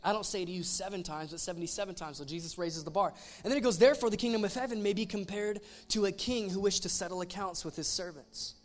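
A pastor preaching a casual, animated sermon, retelling a story with voiced asides. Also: male voice, sits high, quick pace, hardly any pauses.

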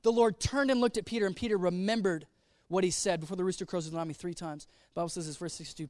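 A man preaching a sermon in a humorous, conversational way, dropping to soft, earnest tones. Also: sits high, no echo, clean studio sound. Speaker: pastor.

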